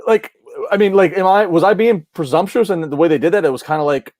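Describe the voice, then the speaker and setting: A man co-hosting a wrestling podcast, giving an animated match recap in casual chat and often restarting his sentences. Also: high-pitched, fast, no echo, clean studio sound.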